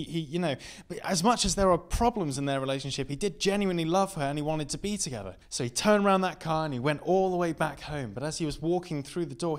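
A young man performs a stand-up comedy set built around a story, with a slightly high and very smooth, clean voice. His delivery is camp and self-mocking, and he sometimes drops into hushed, deadpan storytelling.

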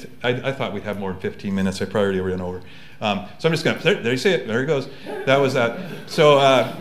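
A man speaking on a university seminar panel in a conversational way, often correcting himself mid-sentence. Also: mid-range voice. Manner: conversational, frequent self-corrections. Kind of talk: seminar talk. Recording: echoey room.

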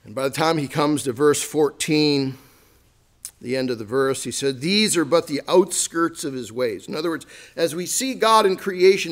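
Animated man preaching a sermon. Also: fairly high pitch. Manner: lively, jokey, acts out sarcastic asides with laughs. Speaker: pastor. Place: church sanctuary.

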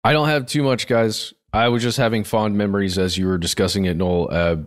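A man co-hosting a podcast, chatting in a relaxed, wry way. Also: on the low side, fairly quick. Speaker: podcast co-host. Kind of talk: casual podcast discussion.

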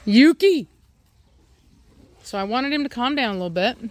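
A woman dog breeder chatting casually in a vlog, rambling with many ums and restarts and snapping out sharp commands to her dogs. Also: a little high, lively intonation, racing, a little hiss or hum. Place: kennel area with several dogs. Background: dogs barking and moving.

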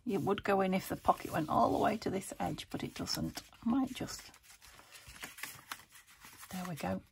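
A woman's voice: mid-range voice, moderate pace, creaky, a little hiss or hum. A woman chatting to herself as she crafts a junk journal, muttering and talking to her materials as she works. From United Kingdom. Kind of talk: casual crafting commentary.

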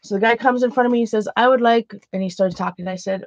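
A woman's voice: medium pitch, steady tone, quick pace, hardly any pauses, no echo. A woman chatting casually while painting, a laughing storyteller. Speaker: art vlogger. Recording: dull, dry lo-fi sound.

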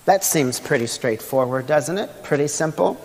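A man's voice: a little high, lively intonation, moderate pace, a little mellow. A male pastor preaching a sermon in a conversational, humorous way, asking the congregation rhetorical questions. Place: church sanctuary. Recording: long church hall reverb.

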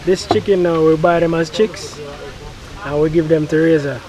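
A man's voice: on the high side, fairly even intonation, moderate pace, darkish tone. A Jamaican man at an outdoor cookout explaining in a matter-of-fact, proud way how the food was raised.

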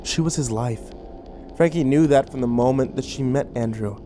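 A man's voice: mid-range voice, normal speed, dark tone, slight background noise. A man narrating a horror story in a dramatic scripted reading.

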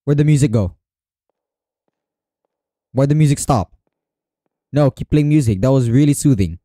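Playing a horror game, a gamer comments at a moderate pace in a mellow, medium-pitched voice with lively intonation. He talks to himself and repeats phrases when he's nervous, and the studio-quality audio has no echo.

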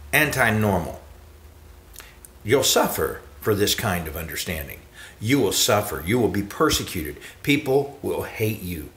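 A man preaching a sermon with emphatic repetition, often jumping to high exclamations. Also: fairly bright tone, echoey room.

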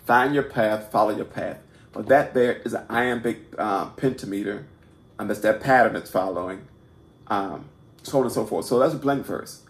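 A man's voice: fairly low pitch, moderate pace. A man hosting a casual poetry lesson, talking informally with many restarts and repeated words, and often checking in with "right?". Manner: self-deprecating and informal. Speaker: poetry teacher and host. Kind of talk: casual unscripted video lesson. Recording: echoey room.

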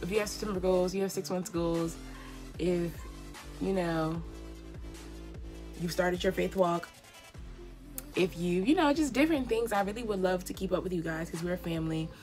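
In a casual get-ready-with-me chat, a young beauty vlogger does her makeup at home, sounding slangy and encouraging. Her voice is lowish with a darkish tone, at a moderate pace with frequent pauses. Faint music plays in the background indoors.

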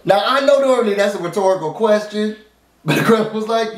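A man's voice: high-pitched, brisk, echoey room. A man casually recapping a TV episode at home. He talks informally to his viewers and rambles, with lots of fillers and restarts. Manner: informal, addresses viewers as y'all. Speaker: TV recap vlogger. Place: at home, dog nearby.

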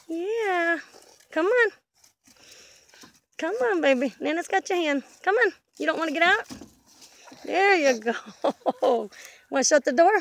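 An older woman, a grandmother, talking baby talk to her toddler grandson in a sing-song, coaxing, playful way, outdoors in a back yard. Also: extremely high pitch.

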